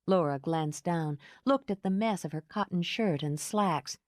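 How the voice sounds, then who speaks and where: A woman narrating an audiobook in an expressive storytelling manner. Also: fairly low pitch, unhurried, hardly any pauses, no room sound, studio quality. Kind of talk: scripted narration.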